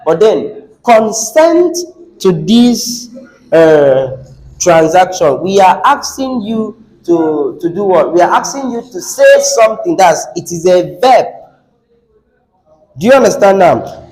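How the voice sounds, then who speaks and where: A Nigerian man teaching an English class, quizzing students and repeating words slowly. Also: sits high, very animated, darkish tone. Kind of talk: classroom lesson. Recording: echoey classroom.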